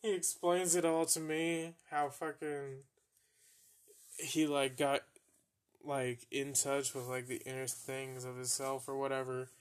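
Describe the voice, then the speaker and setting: Slow-talking young man telling stories. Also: medium pitch, level tone, clear, resonant tone. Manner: profane, laughing at his own embarrassing stories. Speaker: podcast host. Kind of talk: casual storytelling.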